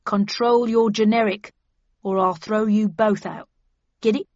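A woman voicing a smug, hard-nosed male auctioneer who talks in a cold, mocking, drawn-out way for an audiobook. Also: mid-range voice, fairly even intonation, a little mellow, dry recording, natural voice. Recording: dull dry studio recording.

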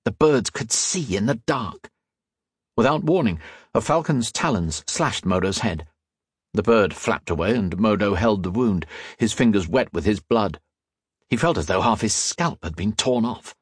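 A man narrating an adventure audiobook in a dramatic, lively reading style with a slightly husky voice. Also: on the low side, a little slow, dry recording, studio quality.

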